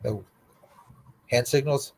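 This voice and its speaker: Easygoing podcast guy, middle pitch, laughs a lot. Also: slow pace, creaky, darkish tone. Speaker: podcast co-host. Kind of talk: casual group chat.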